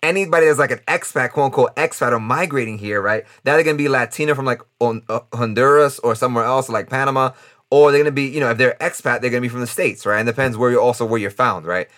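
A man from New York hosting a podcast, chatting casually and quickly with lots of "like" and "right?". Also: medium pitch, a bit bright. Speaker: podcast host. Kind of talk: casual interview chat. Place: indoors in Costa Rica.

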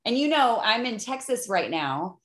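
A woman's voice: on the high side, very animated, moderate pace, roomy sound. A woman in her fifties with a Chicago accent, hosting a casual interview with enthusiasm and frequent laughter. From Chicago area. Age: 50s. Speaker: podcast host.

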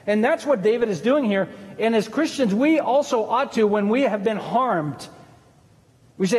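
A man's voice: high-pitched, expressive, normal speed, darkish tone, long reverb tail. A man, a pastor, preaching an earnest, conversational sermon with asides to the congregation.

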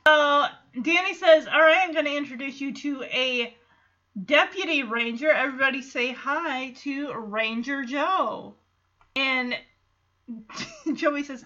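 A woman's voice: high voice, animated, a little slow, bright, forceful tone, lo-fi sound. A woman hosting a fan podcast, recapping a sitcom episode in a chatty, giggly way. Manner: chatty, giggly, quotes characters in little voices. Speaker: podcast host.

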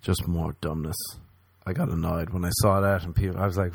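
A man's voice: low voice, flat delivery, brisk, vocal fry, a little mellow, breathy edge, no room sound. A man doing a profane stand-up rant, mocking and slipping into exaggerated voices. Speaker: comedian.

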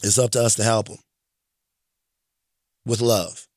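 Speaking unhurriedly in a lowish, steady, slightly mellow voice, a Louisiana man swaps stories in a casual chat. He's blunt, profane and emphatic, often checking in with "right?", and the studio sound is clean with no echo.

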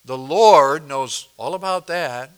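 A pastor preaching a sermon, explaining a passage verse by verse and asking the congregation questions, moving between loud emphasis and quiet asides. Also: male voice, on the high side, slow pace, clean tone. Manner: expository, asks the congregation questions.

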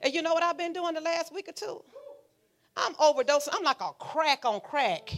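A woman pastor preaching a sermon, talking to the congregation in a fiery, conversational way that swings from hushed asides to shouting. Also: high-pitched, lively intonation, moderate pace. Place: church sanctuary.

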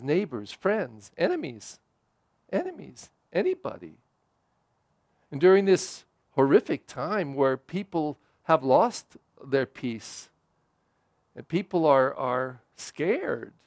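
A man's voice: on the high side, no echo. Man preaching a homily, dry close sound. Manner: conversational preaching, rising for emphasis and dropping soft for prayer. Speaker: priest. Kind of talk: homily at Mass.

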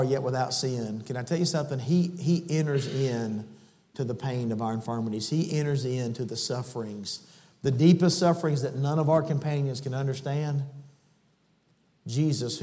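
Preacher in a reverberant church. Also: male voice, normal speed. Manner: folksy storytelling that swells to loud, high-pitched preaching. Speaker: guest preacher. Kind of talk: sermon. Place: church sanctuary.

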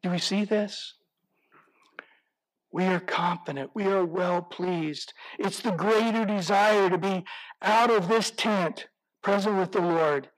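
A man delivering a sermon with a fairly high-pitched voice. He reads scripture aloud and stops to ask his listeners rhetorical questions. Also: slow, rough recording. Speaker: pastor.

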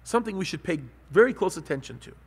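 A man preaching a sermon, telling lively stories and asking his listeners questions. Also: sits high, fast, breathy edge, in a large hall. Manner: animated storytelling, asks the crowd.

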